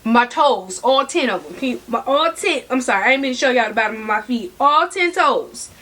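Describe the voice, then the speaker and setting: Between bites, sometimes with a full mouth, a woman talks handbags directly to her viewers in a sassy, chatty vlog. She speaks fairly quickly in a somewhat high, a bit bright voice with lively intonation.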